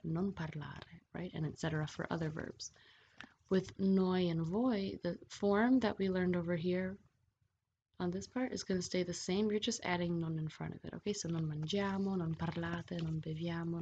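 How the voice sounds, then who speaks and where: Woman teacher w a gravelly voice, keeps asking okay?, kinda muffled recording. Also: fairly low pitch, mellow. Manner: patient, checks in with frequent "okay?". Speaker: Italian language teacher. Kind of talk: explaining grammar over slides. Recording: dull lo-fi voice-over with faint hiss.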